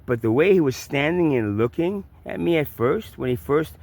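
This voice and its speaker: A man's voice: on the high side, animated, normal speed, creaky, darkish tone. A man with a New York accent tells a personal story in a rambling, profane way, full of restarts and repeats. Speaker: vlogger. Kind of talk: casual storytelling.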